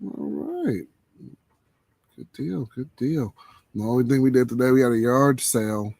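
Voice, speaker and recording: Man, host of a late-night live chat, relaxed and chuckling, dry close sound. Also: medium pitch, a little slow, vocal fry, dry recording. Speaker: livestream host. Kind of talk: casual chat.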